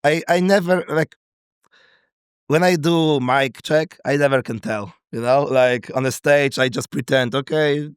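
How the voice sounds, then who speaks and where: A man's voice: a little high, steady tone, clear, resonant tone, no room sound, clean studio sound. A man from Poland speaking English with a Polish accent as a guest comedian, chatting casually and searching for words. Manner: halting, searching for words, many fillers. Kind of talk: casual podcast chat.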